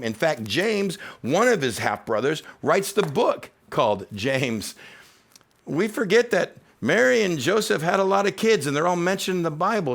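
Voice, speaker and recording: A man's voice: fairly high pitch, fairly bright tone. A man, a teaching pastor, giving a sermon in a conversational, humorous preaching style. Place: church.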